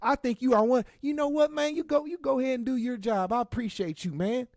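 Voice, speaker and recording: A man putting on a sugary megachurch pastor, pitched well above a speaking voice that is already high, gushing blessings in an over-pious way and stammering into suspicion. The delivery is dry and close, with no room sound. It is a comic impression in a talk show bit. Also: a little fast, a little mellow, no room sound. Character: sugary, nervous, money-hungry male megachurch pastor.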